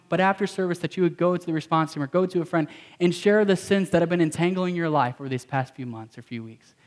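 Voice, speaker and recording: A man's voice: a little high, quick pace. A man preaching a sermon as a pastor, emphatic and repetitive, mixing in casual slang.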